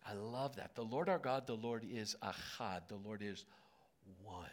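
A man in his late fifties delivers a sermon in an auditorium, talking to the congregation as if chatting with them. He asks them questions along the way and lets his voice go soft and gentle when he wants a word to land. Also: fairly low pitch, measured pace. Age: 50s. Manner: conversational, animated storytelling with asides to the congregation; drops to a soft, gentle tone on key words. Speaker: pastor.

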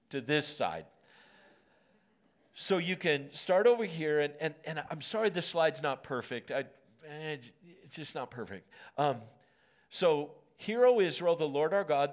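A male pastor with a medium-pitched voice preaches a sermon in a church auditorium, shifting from hushed lines to emphatic ones.

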